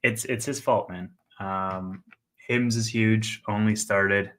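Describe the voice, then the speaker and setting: A young man co-hosting a casual market livestream, his voice bright and forward. He tells stories with animated energy, jumping into quoted dialogue and quick asides. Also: fairly low pitch. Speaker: co-host of a stock market stream.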